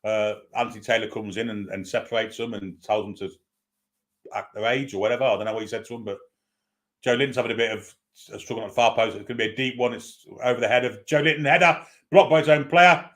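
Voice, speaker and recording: A man's voice: on the low side, steady tone, fast, fairly bright tone. A man giving partisan live play-by-play commentary on a football match as a fan, with running asides.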